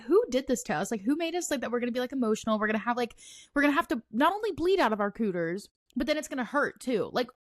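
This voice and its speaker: A woman's voice: on the high side, sing-song, very fast, no echo, clean studio sound. A woman co-hosting a podcast in casual chat, rambling and exasperated, with lots of fillers. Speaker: podcast co-host.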